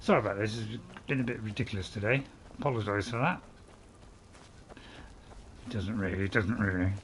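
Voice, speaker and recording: A man's voice: fairly low pitch, a little fast, fairly bright tone, a little hiss or hum. A man giving rambling, apologetic let's play commentary as a gaming channel host, chuckling to himself.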